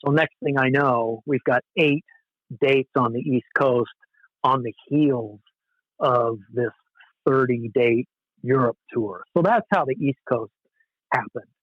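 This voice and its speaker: A Southern California man in his forties, a podcast guest, reminisces about old times at an unhurried pace. He's easygoing and anecdotal, frequently laughing at himself, with a mid-pitched voice. The audio is dry, somewhat dull and lo-fi, typical of a casual storytelling interview.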